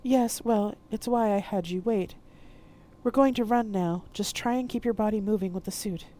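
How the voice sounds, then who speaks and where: A woman reading aloud, voicing a calm, brisk female guide giving instructions. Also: mid-range voice, pitched above the performer's own voice, close to an everyday voice.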